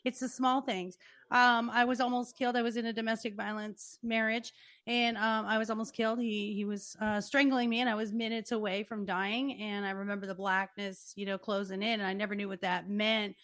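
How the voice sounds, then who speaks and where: A woman's voice: medium pitch, level tone, a little fast, fairly bright tone. A woman hosting a podcast and coaching her guest, effusive and emphatic in her responses. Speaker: podcast host and life coach. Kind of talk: conversational interview.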